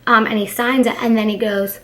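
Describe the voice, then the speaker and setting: A woman's voice: fairly high pitch, steady tone, fairly quick, bright, forceful tone. A young woman talking casually to camera, telling stories in a chatty way, full of fillers, asides and acted-out quotes. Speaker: YouTuber. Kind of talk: casual storytime chat.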